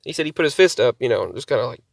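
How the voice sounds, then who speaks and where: A man's voice: mid-range voice, expressive, racing, vocal fry, no echo, clean studio sound. A man telling a rambling story to camera for his channel, often repeating and restarting his sentences. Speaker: vlogger.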